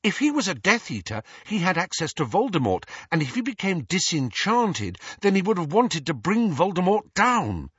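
A man voicing a clever, anxious teenage girl who talks urgently, in a husky, dull-sounding recording. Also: fairly high pitch, expressive, a little fast, hardly any pauses, bright, forceful tone, dry recording, voice pushed up, full character voice. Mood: earnest. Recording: dull lo-fi audio.

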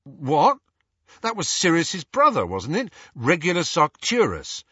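A man voicing an excitable, blunt teenage boy who blurts things out, in a dull-sounding recording. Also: fairly high pitch, normal speed, breathy edge, dry recording, voice pushed up, heavily acted. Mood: excited. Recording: dull lo-fi audio.

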